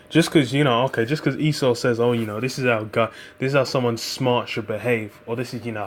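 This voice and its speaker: A man's voice: medium pitch, a little hiss or hum. Rambling, profane man preaching. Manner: rambling, profane, many fillers. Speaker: religious group member. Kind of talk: casual preaching monologue.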